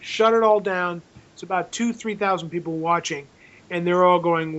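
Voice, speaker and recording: A man, a film director being interviewed, telling a rambling, animated story with frequent restarts. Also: high-pitched, moderate pace, highs cut off.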